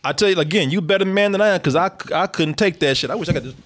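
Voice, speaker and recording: A man's voice: sits high, very fast, background noise. A man co-hosting a podcast, ranting in an exasperated, profane, repetitive comedic way. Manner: exasperated, repetitive, swears freely. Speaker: podcast co-host reviewing a movie.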